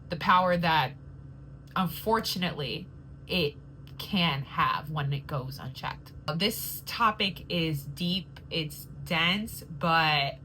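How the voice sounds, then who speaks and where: Slow, lively-voiced woman host. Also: medium pitch, slight background noise, poor audio. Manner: slow, deliberate, lingering on key words. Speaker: podcast host. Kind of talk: reflective faith-based monologue.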